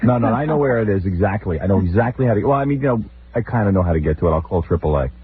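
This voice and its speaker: A man hosting a radio show, telling comic stories in an animated, exasperated rant and mimicking his relatives. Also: fairly low pitch, very fast. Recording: tinny phone-like old radio recording with faint hiss.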